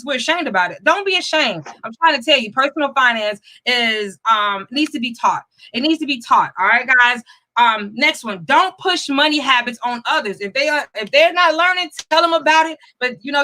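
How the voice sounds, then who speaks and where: High bright-voiced energetic woman host. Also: poor audio. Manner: energetic, chatty, greets viewers by name. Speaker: host of a live money talk show. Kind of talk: live-stream show talk.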